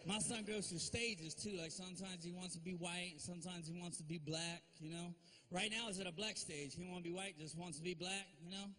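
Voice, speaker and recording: A man's voice: high voice, steady tone, fairly quick, sharp tone. A male stand-up comedian on stage telling family stories in a loose, conversational way, peppering lines with "you know?" and "man.". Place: stage at a live comedy show.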